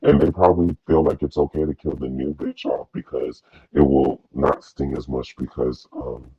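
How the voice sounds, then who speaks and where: A man's voice: rumbling low, flat delivery, moderate pace, breathy edge. A man co-hosting a TV review in casual chat, sassy and rambling, with lots of fillers. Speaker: co-host of a TV review show. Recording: dull, dry lo-fi mic.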